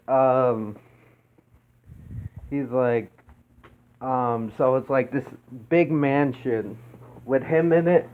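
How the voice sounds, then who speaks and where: A man casually reviewing a movie, meandering with many fillers and restarts and swearing freely. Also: fairly high pitch. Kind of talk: casual rambling film review. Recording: tinny phone-like sound with faint noise.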